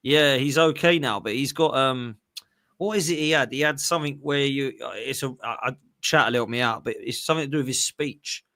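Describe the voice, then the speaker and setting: A man's voice: medium pitch, brisk, pushed and bright. A man co-hosting a live stream, chatting loosely and laughing through his stories. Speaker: stream co-host. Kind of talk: casual chat on a live stream.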